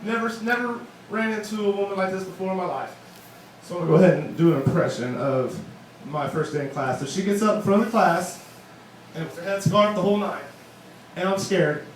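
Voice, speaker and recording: Young male comic, slightly high voice, rambling delivery, echoey bar room. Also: brisk. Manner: rambling, self-deprecating, lots of fillers. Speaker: open mic comedian. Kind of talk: stand-up comedy set. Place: wine bar open mic. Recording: echoey room, distant mic, bar noise.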